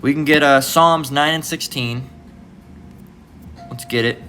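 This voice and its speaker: A man's voice: a little high, steady tone, unhurried, sharp tone, slight background noise. A man giving an informal, rambling scripture lesson, swearing freely and ending many lines with "all right?". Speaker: preacher.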